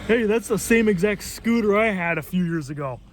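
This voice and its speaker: A man's voice: high-pitched, expressive, brisk, a little hiss or hum. A man vlogging from his car in a waiting line, grumbling and swearing in irritated rants. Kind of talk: ranting car vlog.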